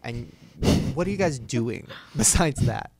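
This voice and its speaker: Gossipy young man with gravelly voice. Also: unhurried, dry recording. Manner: gossipy, animated, acts out quotes in high voices. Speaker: podcast host. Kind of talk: casual chat.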